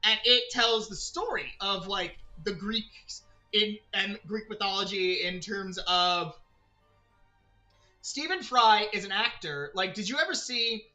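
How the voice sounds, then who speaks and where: Bright-voiced chatty gaming streamer. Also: male voice, high-pitched, unhurried, soft background music. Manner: rambling, chatty, talks to chat and to himself. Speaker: streamer playing a video game. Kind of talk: casual gaming livestream chat.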